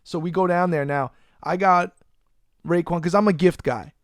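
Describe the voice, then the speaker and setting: Animated, foul-mouthed podcast host, higher-pitched man. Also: moderate pace, no echo, clean studio sound. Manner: animated, profane, loose storyteller. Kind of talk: casual storytelling chat. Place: Florida.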